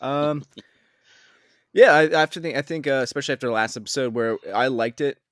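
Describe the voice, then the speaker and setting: A man co-hosting a podcast, chatting casually and excitably about a TV episode, with lots of "like" fillers. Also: medium pitch, fairly quick, dry recording, studio quality. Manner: excitable, filler-heavy, says "like" a lot. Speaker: podcast co-host. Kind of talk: casual TV recap chat.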